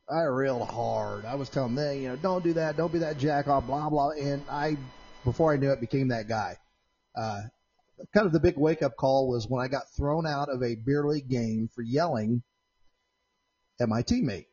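A man hosting a casual podcast from his home shop, telling long rambling stories that get animated when he replays an argument. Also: medium pitch, moderate pace, slightly rough, muffled recording. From Central Indiana. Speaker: podcast host. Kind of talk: casual storytelling chat. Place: home shop with doors open.

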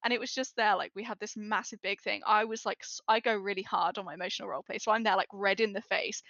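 A woman's voice: medium pitch, fairly even intonation, quick pace, vocal fry, sharp tone, no room sound. A woman, a podcast guest telling a story in casual chat and acting out the voices she quotes. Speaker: podcast guest, larp player. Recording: dull, dry podcast audio.

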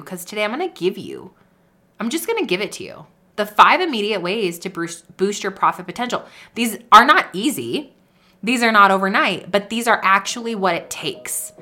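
Bright, peppy woman podcast host. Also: medium pitch. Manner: upbeat, preachy pep-talk delivery. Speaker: podcast host and business coach. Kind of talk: energetic podcast monologue.

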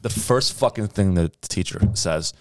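A man co-hosting a casual podcast chat, joking around in a relaxed, profane way. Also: low-pitched, normal speed. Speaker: podcast co-host.

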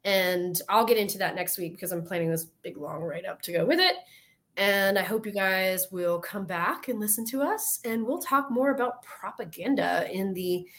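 Woman, Southern US accent, podcast host, casual chat, animated, swears freely, acts out quotes. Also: mid-range voice, normal speed.

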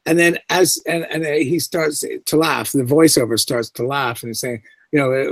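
A man's voice: mid-range voice, normal speed, no echo. A middle-aged man, a guest actor, telling anecdotes in an interview and acting out the voices he quotes. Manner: animated storyteller who acts out quoted voices.

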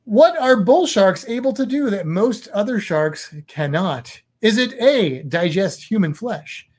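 Man hosting a relaxed quiz, playful and joking between questions. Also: high-pitched, unhurried. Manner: playful, jokey quizmaster. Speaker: host. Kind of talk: casual quiz chat.

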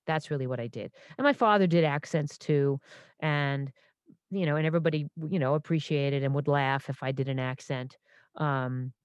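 Woman in her 50s with a low voice, animated and self-interrupting, dry close sound. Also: dry recording, lo-fi sound. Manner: animated, self-interrupting, full of restarts and asides. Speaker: stage performer and impressionist. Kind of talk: casual interview storytelling.

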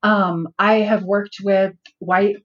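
A woman's voice: mid-range voice, steady tone, slow. Woman, earnest, reflective, searching for words, muffled sound. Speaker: outreach worker and guest. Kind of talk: conversational interview.

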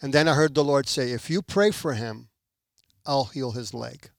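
A man's voice: medium pitch, normal speed, gravelly, no echo, studio quality. A man from Puerto Rico, a podcast guest, telling a testimony with animation and acting out the people in it. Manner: animated, acts out quoted people. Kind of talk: testimony storytelling.

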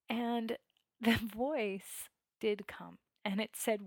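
A woman shares a personal story in a candid, emotional way, peppering her speech with "like" and "you know." Her voice is fairly high with a gravelly, fry-laden texture. She swings between hushed passages and loud, exclamatory ones, and the sound is dry and close. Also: slow pace, no room sound. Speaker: podcast guest.

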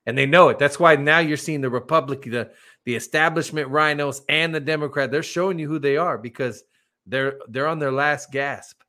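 A male podcast co-host with a bright, forceful voice in a casual chat. He jokes a lot and often laughs. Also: a little high, moderate pace.

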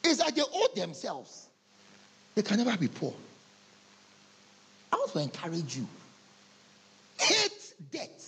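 A man preaching a humorous sermon, telling animated stories and acting out conversations. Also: sits high, slow pace, gravelly, pauses often, slightly rough. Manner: animated storytelling, acting out dialogues with laughter.

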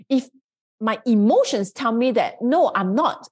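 Female podcast host, motivational monologue; high voice that swings widely, earnest and coaching. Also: lively intonation, measured pace, a little mellow, breathy edge.

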